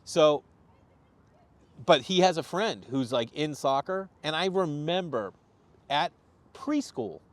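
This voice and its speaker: A man from Boston, a comedian guest on a podcast, telling animated stories and acting out what people said. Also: on the high side, takes it slowly, long pauses. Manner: animated storyteller, acts out quotes. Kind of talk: casual podcast chat.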